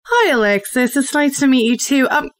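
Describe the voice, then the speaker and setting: A woman's voice: sits high, big pitch swings, moderate pace, no echo. Hesitant woman player, dry close sound. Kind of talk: casual tabletop play.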